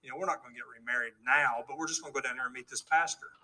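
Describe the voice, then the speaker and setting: A man's voice: medium pitch, steady tone, very fast, bright, forceful tone, a little hiss or hum, low-quality recording. A middle-aged man earnestly telling his testimony story to a live audience, acting out the dialogue he quotes. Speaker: speaker giving a testimony.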